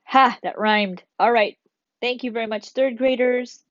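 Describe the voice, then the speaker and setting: A woman's voice: fairly high pitch, steady tone, measured pace, a bit bright, no room sound, muffled recording. A woman teaching a recorded grammar lesson to third graders, chatty, asking and answering her own questions.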